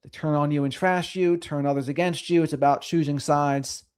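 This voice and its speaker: A man's voice: on the high side, moderate pace, clear, resonant tone. Sing-songy male livestream host. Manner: sing-songy, lively delivery. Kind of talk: casual livestream chat reading comments.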